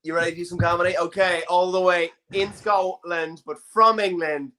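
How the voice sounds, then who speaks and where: A man's voice: high voice, fairly even intonation, normal speed, pushed and bright. A man hosting an online comedy show, chatting casually and introducing acts. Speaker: show host.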